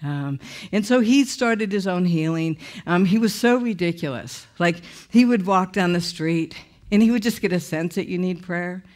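A middle-aged woman giving a testimony sermon with animated storytelling. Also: fairly low pitch, normal speed. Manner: animated storytelling, laughing through the telling. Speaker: speaker sharing her testimony.

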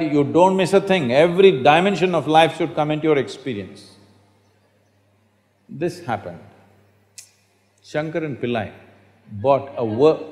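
A man's voice: on the high side, a little mellow. Storytelling older man in an echoing hall. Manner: storytelling, asks the audience questions. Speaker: spiritual teacher. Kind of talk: spiritual talk to an audience. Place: hall with an audience.

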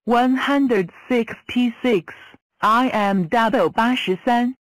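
A woman voicing a cheerful talking number block in a cartoon, giving slow flat self-introductions. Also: on the high side, dry recording, poor audio. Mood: plain.

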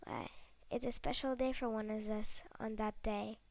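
High, gravelly-voiced woman chattering while gaming. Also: little pitch movement, normal speed, a little mellow, no room sound. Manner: giggly, chatty, drifting into whispered asides. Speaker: gaming video host. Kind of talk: casual gameplay commentary.

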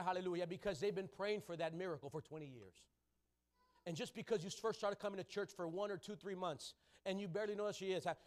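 A young adult man with a high voice preaches a rousing sermon, calling on the congregation to respond and often breaking into shouts.

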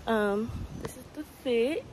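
Young adult woman, casual daily vlogger, chatty and relaxed, close to the mic. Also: a little high, slow pace, slight background noise. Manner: chatty, loose, lots of "um" and "y'all". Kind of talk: casual vlog chat. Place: at home, then out running errands. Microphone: phone or camera held close.

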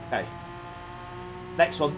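A young man streaming a racing game, reacting excitably with frequent laughs and quick apologies while talking to his chat. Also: faint music behind. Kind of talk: live racing game commentary. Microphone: desktop USB condenser mic.

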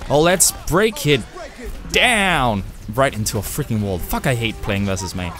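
A young man giving excitable live gameplay commentary, with loud outbursts and swearing. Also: medium pitch, unhurried, soft background music. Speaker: gamer streamer.

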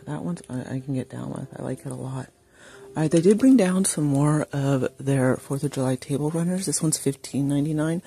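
A shopping vlogger with a medium-pitched, dark voice and some vocal fry strolls through a large craft store, chatting casually and enthusiastically. In this shop-with-me walkthrough, he reads prices aloud into a handheld phone.

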